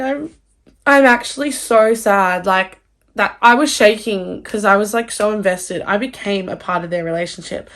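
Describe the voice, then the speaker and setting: Gushing young woman vlogger. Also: mid-range voice. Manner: gushing, excitable, swears freely. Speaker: book vlogger. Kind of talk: casual vlog outro.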